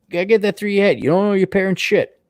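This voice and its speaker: A man hosting an advice show, ranting bluntly and profanely, his voice jumping between high mocking outbursts and low mutters. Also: racing, darkish tone, a little hiss or hum. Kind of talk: profane advice livestream rant.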